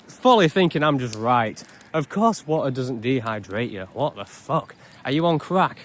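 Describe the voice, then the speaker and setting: A man's voice: mid-range voice, very animated, normal speed, a little hiss or hum. A young man ranting in a casual vlog, blunt and sarcastic with heavy swearing. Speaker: vlogger.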